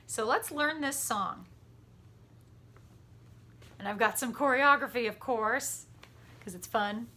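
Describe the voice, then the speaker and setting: A woman music teacher giving a warm, patient lesson to children from her home over a computer microphone, chatty and quick to laugh. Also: on the high side. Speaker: elementary school music teacher. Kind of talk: gentle, encouraging virtual lesson for children.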